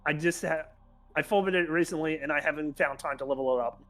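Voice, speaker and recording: A man's voice: on the high side, brisk, a bit bright. A man chatting casually as a co-player on a stream, teasing and dry. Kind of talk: casual gaming chat.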